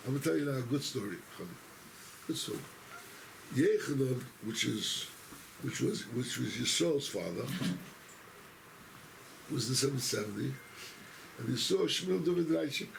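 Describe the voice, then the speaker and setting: A rabbi with a gravelly, fry-edged voice tells a story to his congregation. He rambles and keeps interrupting himself as he goes. The recording is noisy, with steady room sound behind him. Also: mid-range voice, moderate pace, pauses often. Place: synagogue.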